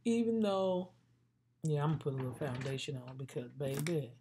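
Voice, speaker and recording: Talking directly to her audience, a woman chats playfully through a casual makeup tutorial vlog. She has a low, expressive voice, speaks a little fast, and there's background noise.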